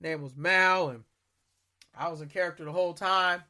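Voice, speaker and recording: A man co-hosting a podcast, recounting a trip in a loose, slangy, animated way. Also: a little high, normal speed. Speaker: podcast co-host. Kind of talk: casual storytelling chat.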